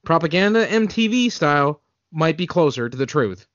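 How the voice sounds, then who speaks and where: A man's voice: a little high, very animated, normal speed, a bit bright, no room sound, muffled recording. A man on a podcast reading critics' reviews in a wry, casual way. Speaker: podcast co-host.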